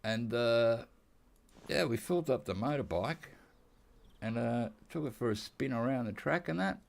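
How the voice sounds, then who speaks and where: An Australian gaming YouTuber with a gravelly, mid-range voice plays a hunting game while telling rambling stories, laughing and quoting dialogue. He's animated and speaks at a moderate pace.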